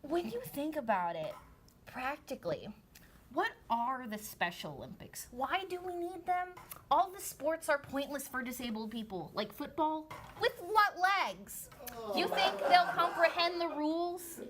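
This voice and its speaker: A woman's voice: high-pitched, very animated, measured pace, fairly bright tone, slight background noise, exaggerated voice. A woman playing a smug, bigoted female education official in a satirical sketch. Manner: smug, unbothered. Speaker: guest in a comedy sketch.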